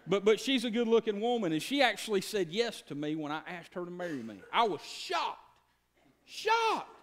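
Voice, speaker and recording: A man's voice: high voice, animated, fast talker. A man, preaching a sermon as pastor in a folksy, joking way, often stammering and repeating words. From Georgia, USA. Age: 30s.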